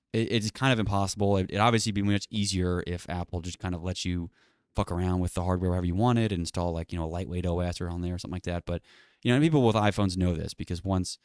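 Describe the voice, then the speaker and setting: A man hosting his own show in a loose, rambling monologue, sarcastic and profane. He talks fast in a low, smooth voice, in a dry, close recording. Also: a little mellow, dry recording. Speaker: channel host. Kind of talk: casual solo monologue.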